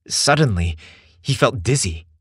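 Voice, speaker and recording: Male narrator, low and lively, dry close sound. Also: unhurried, breathy edge, no echo. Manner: expressive storytelling. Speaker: story narrator. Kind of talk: scripted narration.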